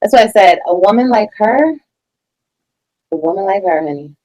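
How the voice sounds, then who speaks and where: A woman's voice: mid-range voice, animated, moderate pace, dark tone, poor audio. A woman reacting to a recording, blunt, profane and emphatic in her commentary. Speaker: reaction streamer.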